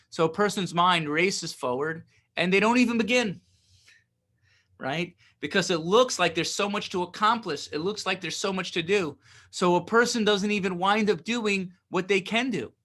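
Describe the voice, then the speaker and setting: A man's voice: high voice, normal speed, bright, forceful tone. A man teaching a Torah lesson, reading Hebrew phrases and explaining them in casual English, often checking in with "right?".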